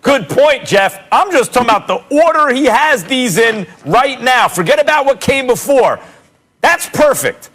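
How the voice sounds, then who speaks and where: Measured man with a high voice. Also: very animated, a bit bright. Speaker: sports debate panelist. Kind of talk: sports debate.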